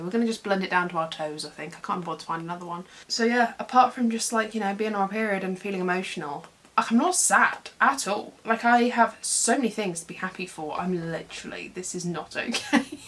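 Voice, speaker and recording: A woman's voice: mid-range voice, brisk, a bit bright. A young woman, chatting in a rambling, self-deprecating way as she does her makeup for a get-ready-with-me video at home. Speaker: beauty vlogger. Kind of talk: casual get-ready-with-me chat.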